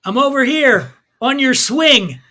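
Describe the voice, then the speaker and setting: A man's voice: extremely high pitch, animated, pushed and bright, pitched above the performer's own voice, full character voice. A man doing a slurring cheerful drunk. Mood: tipsy cheerful. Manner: slurred, drawn-out.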